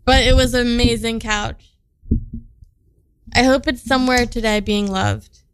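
A woman's voice: fairly high pitch, steady tone, a little slow, clear, resonant tone, rough recording. A woman co-hosting a casual show, talking in an easygoing, descriptive way. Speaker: podcast co-host. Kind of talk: casual chat.

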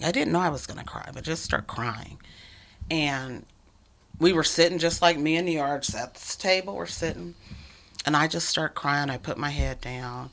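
A woman speaks earnestly in a relaxed conversation, her voice carrying a gravelly texture. Her tone is bright, and she leans into her points with emphasis. On tender lines she sinks to a near whisper. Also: sits low, moderate pace. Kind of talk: conversational storytelling.

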